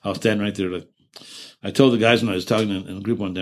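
A man in his seventies being interviewed, recalling events in a halting way with many restarts and self-corrections, earnest and emotional. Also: on the low side, steady tone. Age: 70s. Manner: earnest and emotional while recounting. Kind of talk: oral-history interview recollection.

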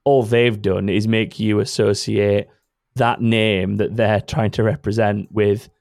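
Male podcast host, low gravelly voice, dry close mic, loose chatty delivery with frequent self-corrections. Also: level tone, measured pace, darkish tone, dry recording. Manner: rambling, self-correcting, laughs often. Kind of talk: casual chat.

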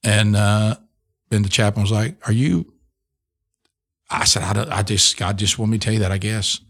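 A middle-aged man with a fairly low voice tells a personal testimony on a podcast. He speaks earnestly and often restarts his sentences as he goes. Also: little pitch movement, moderate pace, gravelly, a bit bright. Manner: earnest storytelling with many restarts. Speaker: radio host and speaker.

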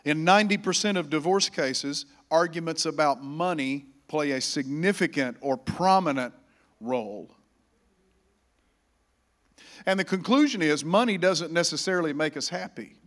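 A man preaching a sermon in a church, getting louder on scripture and calling the congregation to repeat after him. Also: fairly high pitch, normal speed. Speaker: pastor.

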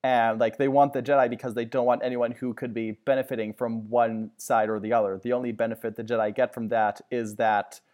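A man in easy, casual conversation on a fan podcast, mid-pitched and ordinary. He rambles and corrects himself mid-thought. He drops deadpan jokes as he goes. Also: fairly quick, hardly any pauses. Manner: rambling, self-correcting, jokey.

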